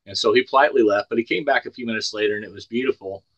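A man's voice: medium pitch, very fast, husky, dry recording, lo-fi sound. A man in his sixties from the Ozark Mountains tells his recovery story at a meeting over a video call, in a folksy, plainspoken way with dry humor. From Ozark Mountains, United States. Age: 60s. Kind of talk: personal testimony at a recovery meeting.

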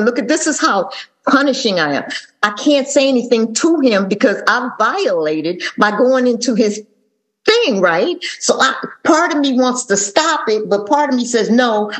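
A woman from Atlanta, sharing her recovery story at a meeting with animated, sassy asides. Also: mid-range voice. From Atlanta, Georgia. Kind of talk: personal testimony talk.

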